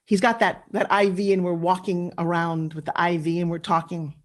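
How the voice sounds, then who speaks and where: This middle-aged motivational speaker has a lowish, level voice and talks at a normal speed. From her living room, over a video call, she shifts between earnest, intimate stories and building her listeners up to rallying cheers.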